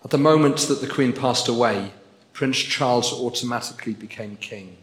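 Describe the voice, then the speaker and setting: A man's voice: mid-range voice, normal speed. A man preaching a sermon, earnest and building to emphatic repetition. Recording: echoey hall with long reverb.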